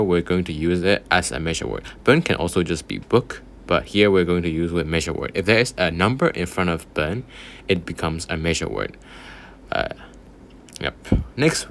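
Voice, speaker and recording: A man's voice: sits low, normal speed, a bit bright, a little hiss or hum. A man teaching a casual online language lesson, patiently repeating words and counting strokes aloud.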